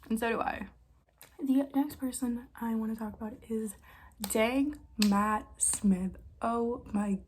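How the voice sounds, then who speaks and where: A young woman vlogger telling stories in a casual, excitable way, with quick bursts and frequent laughs. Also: a little high, a little hiss or hum. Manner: excitable, fast bursts, lots of likes and laughs. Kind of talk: casual storytime chat.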